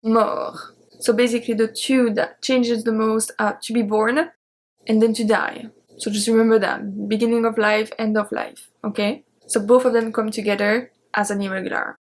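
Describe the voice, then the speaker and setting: A woman gives an online grammar lesson in English. Her voice sits a little high, and she says each verb slowly and repeats it before moving on. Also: flat delivery. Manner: slow, careful spelling-out of verb forms. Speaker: French teacher.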